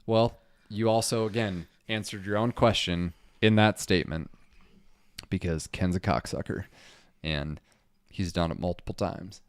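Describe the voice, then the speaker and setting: A man's voice: low-pitched, unhurried, clear, resonant tone, no room sound, studio quality. A man who guides fishing trips hosts a casual live stream, reading viewer comments aloud in a laid-back way, swearing freely. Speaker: fishing guide and channel host.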